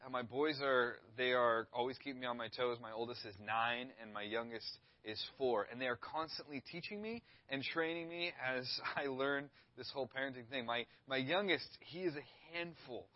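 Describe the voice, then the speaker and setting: A man in his thirties, a youth pastor, preaching a sermon with a relaxed storytelling manner. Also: mid-range voice, moderate pace, few pauses, no room sound, muffled recording. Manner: laid-back, storytelling, acts out quoted voices.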